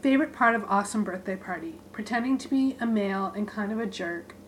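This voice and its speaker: A woman reads her own short pieces aloud in a deadpan spoken-word style. She delivers them in clipped, list-like bits at an ordinary middle pitch, with faint room sound behind her. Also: fast, a little hiss or hum, low-quality recording.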